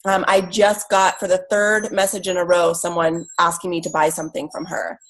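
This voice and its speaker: A woman's voice: on the low side, little pitch movement, moderate pace, rough recording. A woman team leader giving earnest, direct advice on a call. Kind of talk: casual advice.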